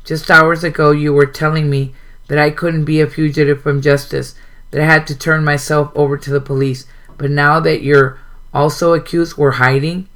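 A man reading out the lines of a frightened, angry young businesswoman from a suspense novel, his pitch lifted a little for her. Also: level tone, moderate pace, a bit bright.

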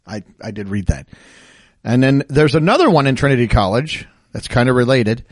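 A man's voice: mid-range voice, very animated, moderate pace, no echo. A man hosting a casual podcast chat, reading out strange laws and laughing often as he explains them. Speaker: podcast host.

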